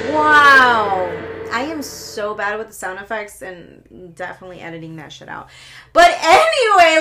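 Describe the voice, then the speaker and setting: A woman's voice: a little high, bright, forceful tone. A young adult woman hosting her own podcast, delivering a heated, profane and rambling solo rant. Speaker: podcast host.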